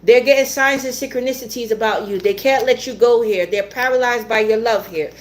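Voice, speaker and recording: A woman's voice: on the high side, brisk, slight background noise. A woman giving a tarot reading in a blunt, repetitive way, swearing now and then. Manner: blunt, swears, repeats herself, laughs often. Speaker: tarot reader.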